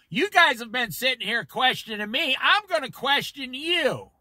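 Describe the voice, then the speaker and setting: A man's voice: high voice, big pitch swings, a little slow, hardly any pauses, bright, forceful tone, no room sound. A man leading an informal Bible study, preaching emphatically and talking straight to his listeners.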